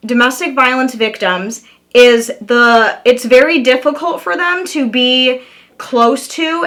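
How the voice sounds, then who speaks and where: Young female commentary vlogger, bright tone, pitched a bit high, blunt and sarcastic to camera. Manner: blunt, sarcastic, talks straight to viewers. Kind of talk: reaction commentary.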